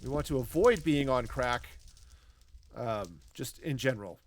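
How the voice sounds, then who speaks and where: A man's voice: medium pitch, lively intonation, a little slow. A man streaming a building game, rambling and joking as he talks to himself and greets his chat. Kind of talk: casual live gameplay commentary.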